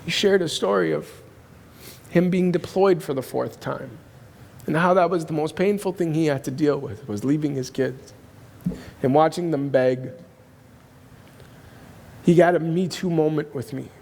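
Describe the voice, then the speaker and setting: A man's voice: on the high side, a little slow, vocal fry, long pauses, darkish tone. A man preaching a sermon, telling a personal story in an earnest, emphatic way. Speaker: pastor. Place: church auditorium. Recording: long hall reverb.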